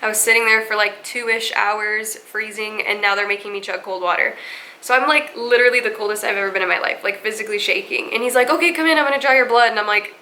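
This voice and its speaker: A young woman in a casual storytime vlog, talking in a chatty, animated way. Her voice is bright and clear, and it jumps higher whenever she acts out what other people said. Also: fast, rough recording. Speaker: vlogger.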